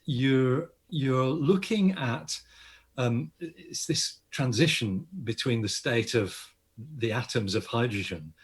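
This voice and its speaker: A man's voice: medium pitch, slow pace, breathy edge. An older Australian man, an astronomer guest, explaining science enthusiastically in an interview with frequent restarts. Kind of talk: interview conversation.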